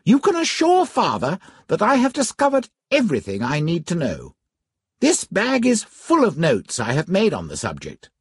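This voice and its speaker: A man voicing an eager, self-assured young gentleman in his twenties in a storybook reading. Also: sits high, huge pitch swings, normal speed, husky, no echo, studio quality, voice pushed up, exaggerated voice.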